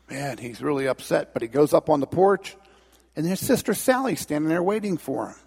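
Husky folksy preacher in an echoing hall. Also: male voice, on the high side, normal speed. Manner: folksy, animated storyteller. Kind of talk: sermon with storytelling. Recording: long reverb in a large hall.

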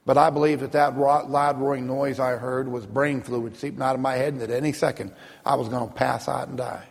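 Man, minister, personal testimony, gravelly, earnest storytelling, long hall reverb. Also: medium pitch, level tone. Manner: vivid, earnest storytelling with slowed emphatic phrases.

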